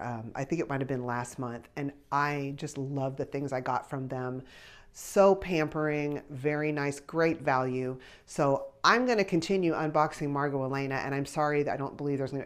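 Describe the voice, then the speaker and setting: A woman in her fifties, a grandmother, chatting casually to her viewers as a vlog host, rambling and warmly animated as she tells a family story. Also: rumbling low. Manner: chatty, rambling, animated when telling stories. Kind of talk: casual chat to camera.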